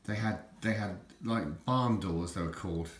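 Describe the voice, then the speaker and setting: A man's voice: moderate pace, roomy sound. An older man chatting casually in a rambling, stammering way, often repeating his words as he shows off items he collects. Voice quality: deep, self-described nappy voice.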